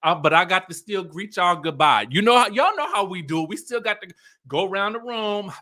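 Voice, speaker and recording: A man's voice: high voice, a little fast. A man with a Southern US accent casually recapping a reality show, acting out lines and laughing often. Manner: animated storytelling, acts out cast members' lines. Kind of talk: casual chat.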